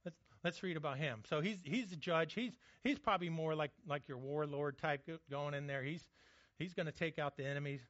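A man's voice: a little high, a little fast, fairly bright tone, no room sound, highs cut off. A man preaching a sermon in a conversational, joking way, often restarting his words. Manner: conversational, jokey, frequent restarts. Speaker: pastor.

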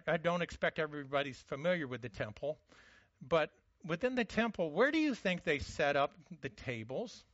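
Man, pastor, sermon, high voice, stammering restarts, dry muffled sound. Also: a bit bright, no room sound. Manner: conversational preaching with frequent stammered restarts.

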